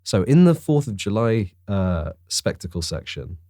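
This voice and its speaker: Excitable young man, sweary storyteller. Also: on the low side, unhurried, no room sound, studio quality. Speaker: podcast co-host. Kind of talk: casual chat.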